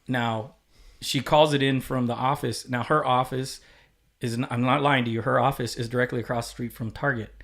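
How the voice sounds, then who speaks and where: A man's voice: medium pitch, fairly bright tone. A man guesting on a podcast, telling a personal story in casual chat, speaking candidly with swearing and acting out quoted dialogue.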